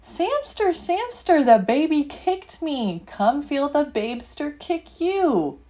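A woman reading aloud plays an excited little boy hamster in a picture book. He is squeaky and high, with a lively, bouncing lilt. He calls out eagerly again and again. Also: slow, heavily acted.

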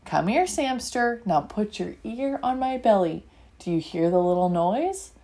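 A woman voicing a gentle mother hamster in a storybook, speaking softly and coaxingly. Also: lively intonation, a little slow. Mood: tender. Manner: soft, lowered, coaxing.

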